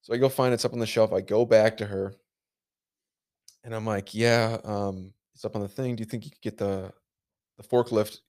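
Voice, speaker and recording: A young man hosting a casual podcast, telling animated stories with swearing and quick impressions of people. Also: fairly low pitch. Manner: animated storyteller, swears freely, mimics people he quotes. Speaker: podcast host. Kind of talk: casual chat.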